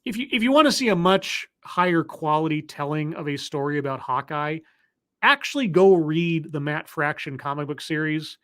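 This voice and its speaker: A casual show reviewer talking through an episode on a live stream. The delivery is wry and sarcastic, full of asides and fillers, often stopping to fix what is on screen. Middle pitch. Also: expressive, normal speed, fairly bright tone. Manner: rambling, with fillers and restarts while clicking through footage. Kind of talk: casual episode recap commentary.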